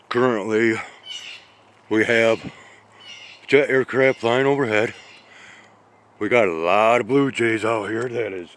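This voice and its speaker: A man recording a casual outdoor vlog in his snowy backyard on a handheld camera, rambling slowly while out of breath and chatting to the cats he feeds. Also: fairly low pitch, a little hiss or hum. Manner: slow, rambling, talks to the cats. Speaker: vlogger feeding outdoor cats and birds.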